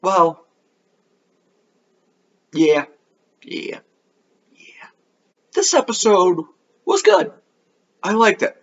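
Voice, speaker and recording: A man's voice: high voice, wildly swooping pitch, takes it slowly, long pauses, a bit bright, lo-fi sound. Sarcastic man rambling through a review. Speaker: anime review host. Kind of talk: casual video review commentary.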